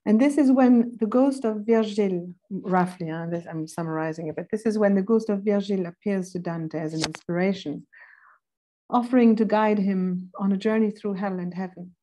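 A woman instructor giving a philosophy seminar lecture, thoughtful and pausing now and then to look up verse numbers. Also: medium pitch, mellow. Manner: reads quoted passages slowly and deliberately.

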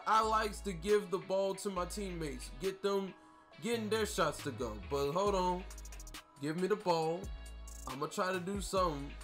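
A man commentating his own basketball video game in a high, excited voice, full of slang, hype and trash talk. Quiet game music plays underneath him. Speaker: gaming YouTuber. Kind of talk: gameplay commentary.

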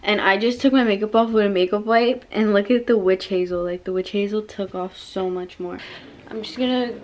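Late-teen female vlogger, casual bedtime chat to camera, soft and earnest, even mid-pitched voice with little lift. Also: fairly quick. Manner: soft, heartfelt and rambling. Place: home at night, taking off makeup. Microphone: camera set down nearby.

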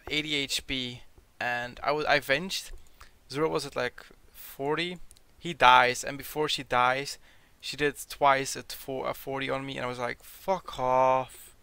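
A young man who is sick, commenting casually over his gameplay, reading out loot drops and swearing when he gets excited. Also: medium pitch, clean tone. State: sick, sounding a bit off. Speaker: gaming video creator.

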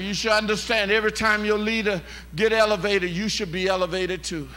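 A male pastor preaching a fervent call-and-response sermon in a church, rising to shouts. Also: high-pitched, level tone, brisk. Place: church sanctuary. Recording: live church service with organ music behind.

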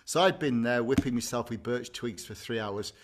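A man's voice: mid-range voice, normal speed, noisy background. Bawdy, rambling male co-host. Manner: rambling, bawdy storytelling with bursts of laughter. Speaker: podcast co-host, agony uncle. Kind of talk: casual comic chat.

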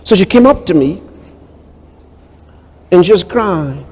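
A man preaching a sermon as pastor, swinging between hushed storytelling and loud proclamations and acting out quoted voices. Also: high voice, a little slow, long pauses, slightly rough, in a large hall.

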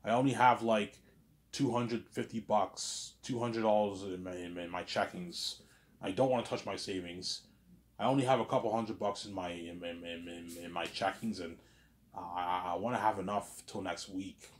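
A young man with a somewhat low voice rambles through a solo monologue. He brags and circles back on the same points. He often trips over and repeats his words. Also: moderate pace. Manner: boastful, repetitive, stumbling over words. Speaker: vlogger.

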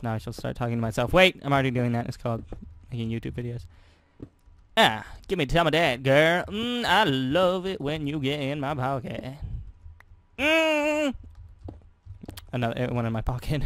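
A young man chatters through his gameplay in a medium-pitched voice, rambling and joking as he goes. He talks to himself and counts aloud, in the easy tone of a casual video. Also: fairly bright tone, no echo. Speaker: gaming YouTuber.

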